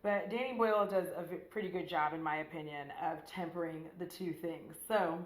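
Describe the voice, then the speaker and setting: A woman's voice: fairly low pitch, a little fast, echoey room. A woman beauty vlogger chatting casually and profanely, joking as she recaps a movie while doing her makeup at home. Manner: chatty, profane, jokey, acts out scenes. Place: room at home.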